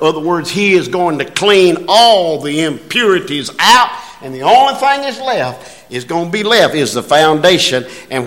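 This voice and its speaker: A man's voice: medium pitch, a bit bright. A man preaching a sermon in a folksy way, building to emphatic passages.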